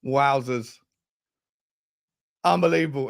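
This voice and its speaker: An excitable man hosting a casual football fan live stream, with a voice that sits a little high for a man. He laughs often, cheers loudly and greets viewers by name as he reads their comments. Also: a little fast. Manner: excitable, laughs a lot, shouts out chat names.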